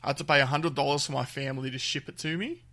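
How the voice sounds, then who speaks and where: A man's voice: mid-range voice, fairly even intonation, racing, bright, forceful tone. A man co-hosting a gaming podcast, chatting in an easygoing way and chuckling often. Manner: easygoing, chuckles often, trails off mid-thought. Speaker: podcast co-host. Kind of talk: casual chat.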